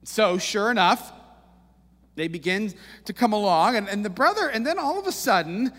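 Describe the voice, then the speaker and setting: A man's voice: high voice, expressive, moderate pace, fairly bright tone. A man preaching a sermon in a church, telling the story conversationally with wry humor and frequent asides to the congregation. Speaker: pastor. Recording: long reverb of a large room.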